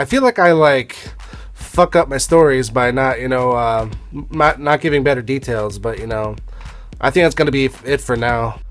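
A young man telling a personal story in a rambling, offhand way, with the odd swear word. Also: mid-range voice. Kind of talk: casual storytelling.

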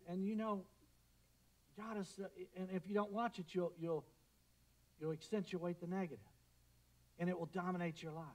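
A middle-aged man delivers a sermon from the pulpit in a high, bright voice. He swings between fervent, loud declarations and hushed, prayerful murmurs. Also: steady tone, normal speed, pauses often, poor audio. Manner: impassioned preaching, swelling to loud declarations and dropping to quiet prayer. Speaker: pastor.

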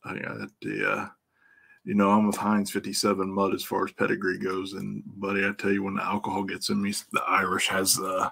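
A man's voice: low-pitched, monotone, a little fast, gravelly, bright, forceful tone, breathy edge. A middle-aged man with a Midwestern American accent hosting a casual live stream, greeting viewers by name, swearing freely and laughing often. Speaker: livestream host and EFI tuner.

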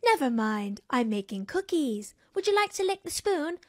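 A woman voicing a gentle cartoon mother pig who speaks in a soft, motherly way. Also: high voice, very animated, normal speed, no room sound, clean studio sound.

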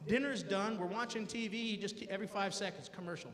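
A man's voice: high voice, quick pace, hardly any pauses, long reverb tail, crowd noise. A man doing a stand-up comedy set on stage, telling playful stories about his family and acting out their voices. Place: comedy stage before a live audience.

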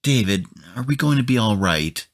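A man with a very deep voice voicing a frightened, fretful young wife in a spoken story, lifting his voice higher for her. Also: animated, normal speed, dry recording, studio quality. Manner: pleading, scolding.

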